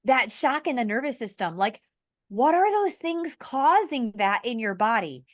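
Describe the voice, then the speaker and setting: Woman podcast host, casual chat, earnest, animated, higher pitch, dry sound. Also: unhurried, no room sound. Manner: earnest, animated, laughs between points.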